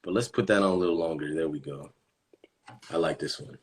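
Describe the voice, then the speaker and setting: A man's voice: very deep voice, brisk, slightly rough. A man hosting a casual phone livestream, joking around and trying out silly voices. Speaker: livestream host.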